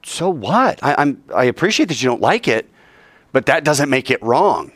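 A man teaching a classroom lecture, joking with his students in quick asides and acting out quoted arguments in a raised voice. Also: medium pitch, big pitch swings, a bit bright, dry recording.

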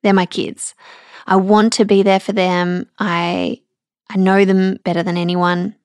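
A woman, hosting a personal podcast, speaking candidly and emotionally with halting restarts, close to tears. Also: medium pitch, flat delivery, a little mellow, clear, resonant tone, no echo. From Australia. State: tearful. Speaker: podcast host.

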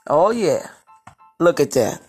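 A woman's voice: deep voice, big pitch swings, slow, breathy edge, soft background music. A woman preaching a sermon, emphatic and rhythmic, repeating key phrases.

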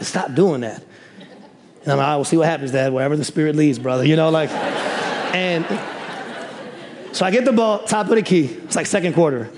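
A young man from the Chicago area preaching, telling stories in a joking, animated way with loud exclaims. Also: high-pitched, a little hiss or hum. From Chicago area, USA. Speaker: pastor. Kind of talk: sermon with storytelling. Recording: reverberant hall.

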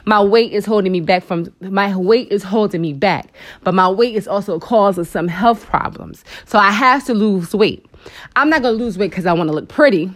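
A woman with a mid-range voice, speaking at normal speed, hosts a faith talk show with Christian motivational content. Her preaching is expressive, emotional and animated, full of asides and exclamations to the Lord. She talks conversationally, calling her listeners "girl" and "honey."

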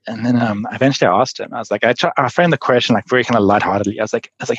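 A man's voice: mid-range voice, rapid-fire, few pauses, a bit bright, slightly rough, no room sound, muffled recording. A man talking as a podcast guest, telling adventure stories in a rambling way with many fillers and laughs. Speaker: podcast guest, endurance athlete. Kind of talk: casual storytelling.

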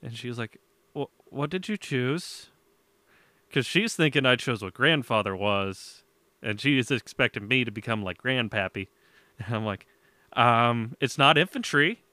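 A man's voice: mid-range voice, moderate pace, pushed and bright, dry recording. A young man hosting a podcast, telling a story in casual chat, laughing often and swearing as he acts out his parents. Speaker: podcast host.

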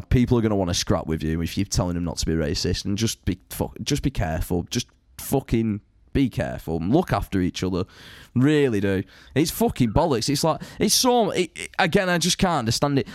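Sweary animated man ranting. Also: mid-range voice, dry recording, studio quality. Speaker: podcast co-host. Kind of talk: casual chat.

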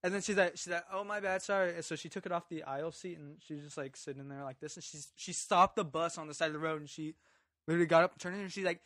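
A young man, a podcast guest, telling a story in casual chat, animated and full of "like". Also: fairly high pitch, fast talker, no room sound. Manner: animated, acts out quotes, says "like" often.

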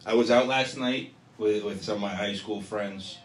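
A man's voice: on the low side, moderate pace, a little hiss or hum. A young man doing a stand-up set, loose and profane, riffing with the crowd. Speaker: stand-up comedian. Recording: echoey room recorded from afar.

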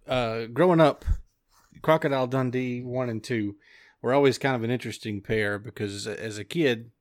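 A man's voice: mid-range voice, moderate pace, dry recording, studio quality. A man co-hosting a casual movie review podcast, laid-back and wry. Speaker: podcast co-host.

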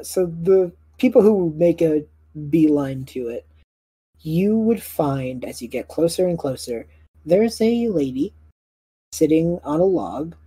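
A woman's voice: deep voice, dark tone, husky, no room sound, low-quality recording. A woman game master narrating a tabletop game, often hesitating and restarting.

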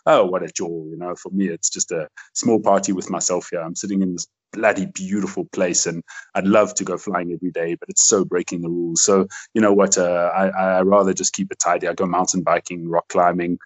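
A man's voice: low-pitched, little pitch movement, brisk, muffled recording. A man hosting a podcast interview, talking in an effusive, rambling way. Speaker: podcast host. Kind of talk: casual interview chat.

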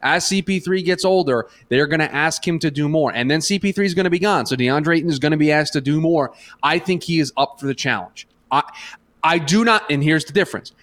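A man co-hosting a sports talk show, arguing his takes with emphatic, animated energy. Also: a little high, fairly quick. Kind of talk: sports radio debate.

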